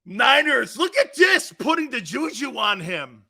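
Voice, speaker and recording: A man hosting a sports talk show, ranting loudly in a mocking tone and laughing often. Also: very high-pitched, sing-song, unhurried, gravelly. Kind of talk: sports opinion rant.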